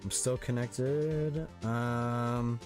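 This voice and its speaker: A young man casually commenting while playing a video game, playful and quick to swear. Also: medium pitch, fairly even intonation. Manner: playful, swears, reacts loudly. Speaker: let's play streamer voicing game characters. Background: game music.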